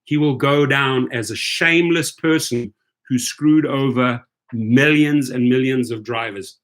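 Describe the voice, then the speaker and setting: This rideshare video host rants with indignation, saying things over and over and repeatedly asking "right?". His voice is medium-pitched and his pace a little slow.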